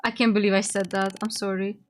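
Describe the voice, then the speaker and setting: A woman's voice: medium pitch, flat delivery, a little fast, faint music behind. Woman streamer reading game text aloud. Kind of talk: casual game commentary.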